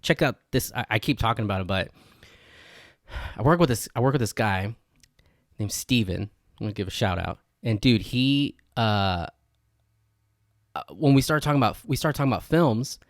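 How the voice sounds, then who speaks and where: Man podcast co-host, excitable, "dude" every line, dry close sound. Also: fairly low pitch, normal speed, pauses often, no room sound. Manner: excitable, says "dude" constantly, acts out quotes. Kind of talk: casual chat.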